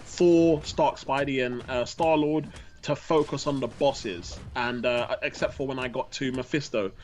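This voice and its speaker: A man's voice: mid-range voice, unhurried, darkish tone. Chatty laughing guy, says bro a lot. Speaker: co-host reading chat questions. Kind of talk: casual gaming chat.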